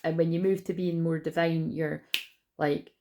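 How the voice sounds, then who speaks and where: A woman talks through a spiritual card reading from her home. Her voice sits low, with a gravelly fry. She rambles casually and breaks into excited asides. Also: normal speed, background noise. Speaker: tarot reader. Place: at home indoors.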